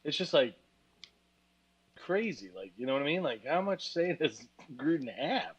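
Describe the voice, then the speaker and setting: A man's voice: fairly high pitch, very animated, unhurried, slightly rough. A man co-hosting a podcast, tired and rambling about football with crude jokes and lots of fillers. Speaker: podcast co-host. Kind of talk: casual sports chat. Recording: slightly dull lo-fi sound.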